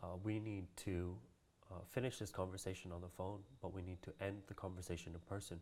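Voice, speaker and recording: A guest and cultural practitioner from Hawaii tells a story briskly in a casual interview, laughing often and doing the voices of people he quotes. His voice sits low, with a level, darkish tone.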